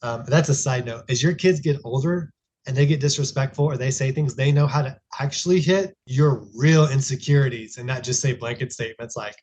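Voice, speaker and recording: A man's voice: medium pitch, fairly quick, a little mellow. A man in his thirties, a podcast guest, telling a family story in an earnest, reflective way with frequent restarts. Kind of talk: casual conversational storytelling.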